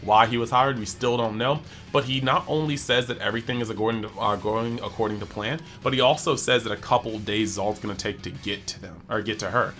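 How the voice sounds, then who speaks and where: A man talks through an anime episode in a loose, chatty way, filling his sentences with "like." His voice is bright and forward. He slips into short acted quotes of the characters as he recaps, with faint music underneath. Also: fairly low pitch. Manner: animated, acts out characters' lines in quick bits; chatty, heavy use of "like". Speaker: anime review channel host. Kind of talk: casual episode breakdown.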